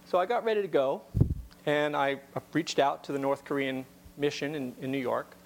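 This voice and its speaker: Man telling a wry story, slightly high voice. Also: moderate pace, slight background noise. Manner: conversational, repeats words when restarting, wry asides. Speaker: speaker giving a talk. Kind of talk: storytelling talk to an audience.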